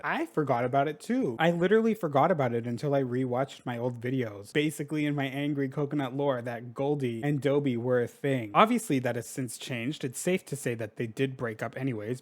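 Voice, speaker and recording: A young man talks through a game on a desk mic, chatty and dramatic. His voice sits at an ordinary middle pitch. He says "like" constantly and swears without a second thought. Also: a little mellow. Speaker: gaming YouTuber. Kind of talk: casual gameplay commentary.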